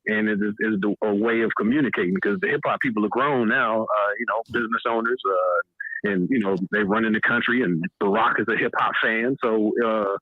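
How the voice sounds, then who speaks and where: A man, a comedian guest, talking in a halting way with many fillers. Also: fairly low pitch, fairly even intonation, dry recording. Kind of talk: casual chat. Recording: tinny phone-line sound.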